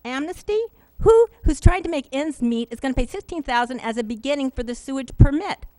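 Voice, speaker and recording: A woman's voice: high-pitched, expressive, warm tone, no echo, rough recording. Earnest woman speaking at public comment. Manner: earnest, emotional, halting with fillers. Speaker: public commenter at city council. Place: city council meeting room.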